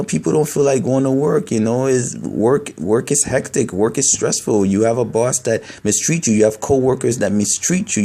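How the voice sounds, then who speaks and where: A man speaking candidly to camera, halting, earnest and full of restarts and repeated words. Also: mid-range voice, mellow. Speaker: video blogger. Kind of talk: candid personal talk to camera.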